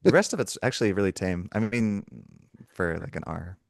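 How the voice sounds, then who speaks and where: A soft-spoken man co-hosting a podcast, retelling anecdotes in a casual movie chat and trailing off at the ends of thoughts. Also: fairly low pitch, very animated, a little fast, vocal fry, no room sound, studio quality. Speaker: podcast co-host.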